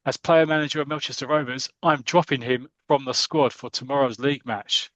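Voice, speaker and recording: A man voicing a calm, firm male player-manager from a comic strip in a level, matter-of-fact way. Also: medium pitch, brisk, no room sound, close to an everyday voice.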